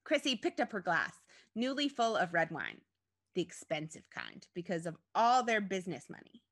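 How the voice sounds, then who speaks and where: A woman narrating an interactive story in a playful, expressive way. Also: lowish voice, normal speed.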